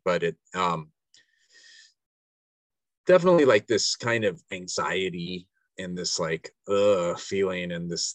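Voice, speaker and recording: A man's voice: low-pitched, fairly bright tone, no room sound. A middle-aged man in a coaching session, talking in a rambling, self-searching way with many restarts. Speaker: coaching client. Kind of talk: casual reflective conversation. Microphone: video call.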